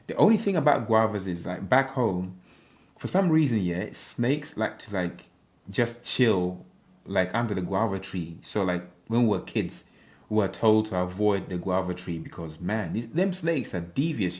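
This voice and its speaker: On a livestream, an African man with a lowish voice chats casually, reading out viewer comments. He's playful and rambling and laughs often.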